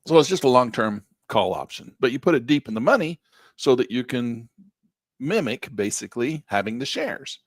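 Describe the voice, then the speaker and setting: A middle-aged man giving a live trading lesson in a folksy, upbeat way, losing his voice and clearing his throat. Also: medium pitch, lively intonation, normal speed, dry recording, studio quality. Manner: folksy, upbeat, talks while clicking through charts. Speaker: trading instructor.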